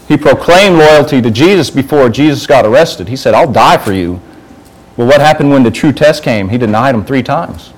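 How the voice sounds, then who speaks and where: A man's voice: medium pitch, poor audio. A man giving an informal sermon to a youth group, talking conversationally and asking the group questions.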